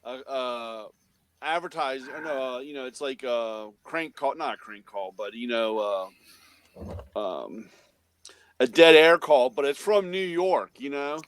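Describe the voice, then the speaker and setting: A man's voice: medium pitch, unhurried, a bit bright, smooth. A man on a podcast, rambling through a story in a casual chat, swearing and restarting often. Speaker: podcast guest.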